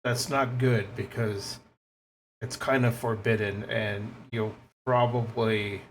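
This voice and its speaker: A man playing an earnest young adventurer who reassures a creature, speaking haltingly with many fillers and restarts. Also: fairly low pitch, fairly even intonation, slight background noise. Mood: reassuring.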